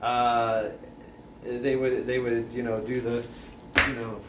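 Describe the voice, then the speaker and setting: A vlogger casually retells a film scene, rambling, restarting often and adding sound effects. His medium-pitched voice is level and slow, recorded with a roomy echo and faint background noise.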